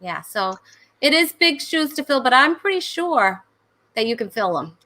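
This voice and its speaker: A woman's voice: sits high, very animated, normal speed, bright, forceful tone. A woman hosting a comedy talk show over a video call, chatting in a rambling way full of fillers and laughs. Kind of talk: casual livestream chat.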